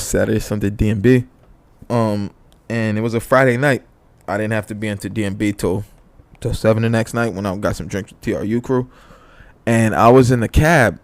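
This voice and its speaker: A man's voice: lowish voice, no room sound. A young man co-hosting a podcast, telling a story in casual chat, swearing freely and acting out quoted lines. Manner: animated, swearing, acts out quotes in a raised voice. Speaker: podcast co-host.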